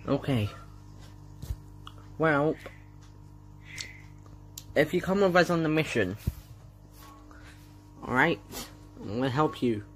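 A woman voicing a calm grown-man hero who leads a rescue, talking in a steady, bossy, soothing way during toy play-acting with a child. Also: deep voice, takes it slowly, pauses often, soft background music.

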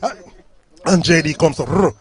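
A man's voice: on the high side, moderate pace, crowd noise. Chatty Jamaican man hosting a sound clash. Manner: chatty, laughs often, repeats phrases. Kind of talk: casual live radio hosting.

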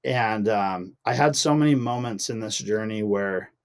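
Man, lowish voice, earnest heartfelt testimony, podcast guest. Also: a little slow. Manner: earnest, emotional storytelling, rising when frustrated. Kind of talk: personal testimony in casual chat.

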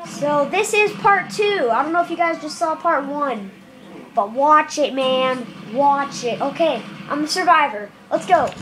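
Very high-voiced, excitable gaming commentator. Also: female voice, measured pace, slight background noise. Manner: jittery, then shouting with excitement. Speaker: gameplay commentator. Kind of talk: casual game commentary. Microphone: camera filming a screen.

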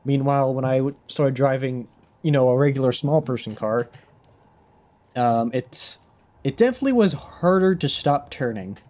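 A man's voice: mid-range voice, expressive, normal speed, darkish tone. A young man chatting casually while live-streaming a game, rambling, restarting his sentences and laughing often.

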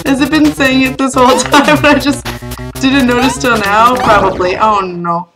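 A young woman with a high voice, fairly even intonation and normal speed hosts a let's play video, commenting on a platform game as she plays. She yelps, laughs and swears at it, with game music behind her on a rough recording.

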